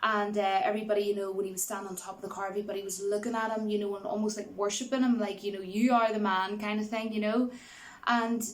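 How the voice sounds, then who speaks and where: A woman chats her way through a movie review in a loose, rambling manner, padding her sentences with fillers. Her voice sits at an ordinary middle pitch, and she laughs easily as she retells favourite scenes. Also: flat delivery, fast talker. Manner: rambling, many fillers like "you know" and "like". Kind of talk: casual spoken film review.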